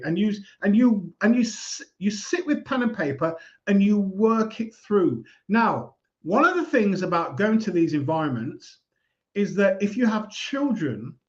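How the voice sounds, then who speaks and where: Calm man giving advice. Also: sits high, highs cut off. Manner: calm, measured, diplomatic. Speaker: speaker giving life advice. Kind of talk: casual advice talk.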